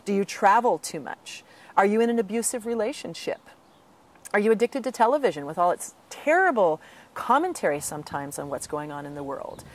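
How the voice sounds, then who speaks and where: A woman speaks in an interview, laying out her advice in a steady, earnest way. She breaks now and then into animated quoted voices of other people. Her breathing sounds a little strained. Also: mid-range voice, fairly quick. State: slight breathing trouble. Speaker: author and patient advocate. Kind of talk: interview answer.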